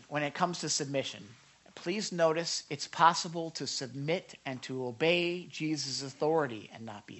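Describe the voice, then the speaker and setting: A man preaching an animated sermon to young listeners into a microphone, emphatic and often checking in with the room. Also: fairly high pitch. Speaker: pastor teaching a youth group.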